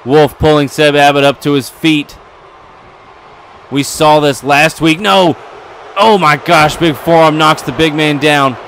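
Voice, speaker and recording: Excitable man calling a wrestling game. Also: a little high, measured pace, a little hiss or hum. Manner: excitable, building to yelling at near falls. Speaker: play-by-play commentator.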